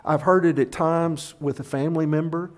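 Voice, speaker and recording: A middle-aged male pastor preaching a sermon, telling the story plainly and leaning on key words with louder and softer delivery. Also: a little high, steady tone, moderate pace. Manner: storytelling preacher, varies loudness for emphasis.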